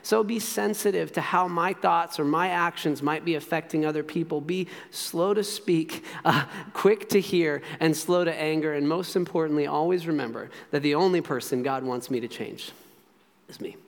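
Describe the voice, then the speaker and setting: Guy pastor giving a sermon, casual and a bit jokey, slightly high voice, echoey church hall. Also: moderate pace, vocal fry, hardly any pauses. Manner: conversational, humorous asides, prays softly.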